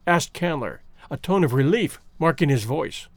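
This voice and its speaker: Male audiobook narrator, high voice, lively intonation, measured storytelling, dry close mic. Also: no room sound. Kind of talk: scripted narration of a classic novel.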